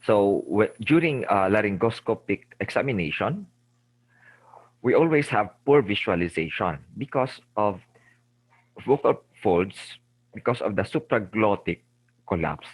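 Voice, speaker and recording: A middle-aged man with a Filipino accent delivers a medical lecture in a very low voice. He is didactic, repeating key terms and often checking in with his listeners. The recording is dry and close, with no room sound. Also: lively intonation, unhurried, breathy edge, no echo, rough recording. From Philippines. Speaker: lecturer, ENT surgeon.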